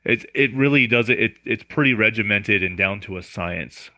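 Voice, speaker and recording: A man with a very deep voice explains routines methodically as a podcast guest. His tone is sharp and forceful, and the sound is dry and close. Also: normal speed, no room sound. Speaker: music director, guest.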